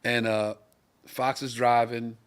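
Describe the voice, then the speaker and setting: A middle-aged comedian co-hosting a live-streamed talk show, telling a long, profane anecdote and acting out the voices of the people in it. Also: male voice, mid-range voice, flat delivery, slow pace, clean tone. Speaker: comedian and co-host.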